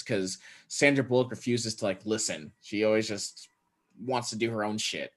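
A man's voice: medium pitch, normal speed, fairly bright tone. A man hosting a casual podcast chat, laid-back and wry, steering the talk. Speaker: podcast host.

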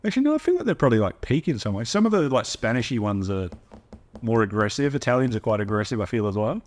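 A man's voice: medium pitch, very animated, quick pace, a little mellow. An Australian man in casual podcast chat, laid-back and asking questions. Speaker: podcast co-host.

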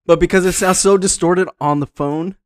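A young man co-hosting a podcast in a relaxed, rambling chat. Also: high voice, moderate pace, no room sound, studio quality. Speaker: podcast co-host. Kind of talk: casual chat.

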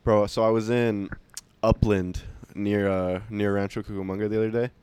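A man's voice: on the low side, level tone, moderate pace, darkish tone, clean tone, no echo. Young guy rambling thru a story, lots of likes and swearing, dry close sound. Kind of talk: casual chat.

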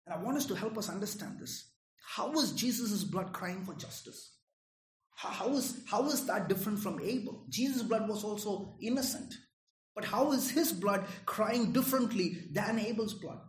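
A man's voice: high-pitched, moderate pace. Earnest male preacher in an echoey room. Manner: earnest, questions the audience, repeats words. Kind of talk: sermon.

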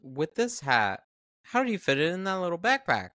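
A man's voice: high voice, big pitch swings, moderate pace, sharp tone, dry recording, studio quality. A man co-hosting a casual podcast. He chimes in with film trivia and jokes, with plenty of "um" and "like" as he talks. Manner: chatty, adds trivia with fillers. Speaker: podcast co-host. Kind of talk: casual film recap chat.

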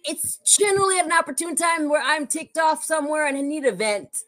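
A woman's voice: sits high, brisk, a bit bright, soft background music. A woman co-hosting a podcast, chatting casually, laughing a lot and acting out quotes. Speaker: podcast co-host. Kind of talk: casual chat.

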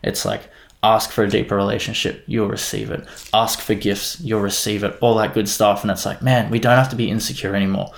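A young man, a guest on the show, casually tells his faith story in an earnest, rambling chat full of "like" and "you know." His voice is on the low side with vocal fry, and his delivery is flat and a little fast.

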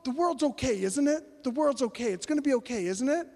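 A man's voice: extremely high pitch, lively intonation, brisk, darkish tone, long reverb tail, pitched above the performer's own voice, heavily acted. A man doing a gloomy, rambling guy at a barbecue. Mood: worried. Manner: rambling, rhetorical questions.

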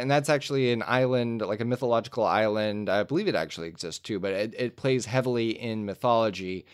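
A man's voice: on the low side, smooth, no room sound, studio quality. A man chatting casually about movies, rambling through a fan theory with lots of fillers. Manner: rambling, animated storytelling with fillers. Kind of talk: casual film discussion.

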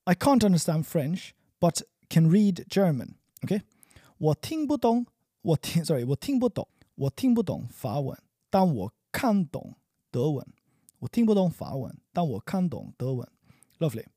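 Man as a language teacher, patient and repetitive, lively pitch, mellow tone. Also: dry recording, clean studio sound. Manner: lively, repeats phrases slowly for practice. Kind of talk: spoken language lesson.

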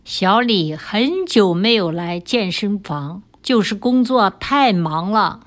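An older woman, the host's mother and a grandmother, who reads example sentences for a language lesson in a clear, careful voice. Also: mid-range voice, expressive, slow pace. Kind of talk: slow, clear example reading.

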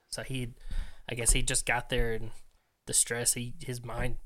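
A young man tells a story as a podcast guest, relaxed and talkative. His voice sits at an ordinary middle pitch. He leans on filler words as he goes. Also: a little slow. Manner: chatty, many fillers like "like" and "man". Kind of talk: casual storytelling.

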